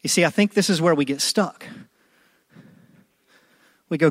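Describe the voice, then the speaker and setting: A preacher man with a slightly high voice, delivering a sermon with big swings between quiet, intimate moments and loud, pleading ones. He acts out prayers in other people's voices. The sound is dry and close, with no room around it. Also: unhurried, pauses often, no room sound. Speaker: pastor.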